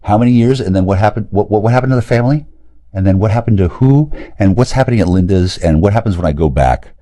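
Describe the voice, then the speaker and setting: Low dark voiced guy ranting to camera, swearing a lot, voice jumps all over. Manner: profane, agitated, rapid loud and quiet swings. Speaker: streamer talking to camera. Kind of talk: rambling monologue.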